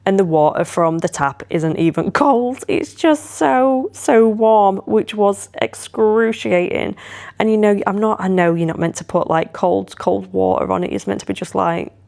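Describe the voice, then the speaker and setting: A woman chats away casually to her viewers, rambling from one story to the next and turning lively whenever she retells a moment. Her voice sits on the low side for a woman and has a gravelly, creaky edge. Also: fairly quick, hardly any pauses. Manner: chatty, rambling, animated when retelling. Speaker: vlogger. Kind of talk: casual vlog chat.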